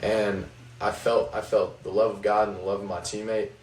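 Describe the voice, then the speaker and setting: Low-voiced young man, reflective. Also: little pitch movement, moderate pace, darkish tone. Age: young adult. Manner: reflective storytelling, many fillers. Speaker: college basketball player. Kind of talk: faith-focused podcast chat. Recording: roomy, distant mic, faint noise.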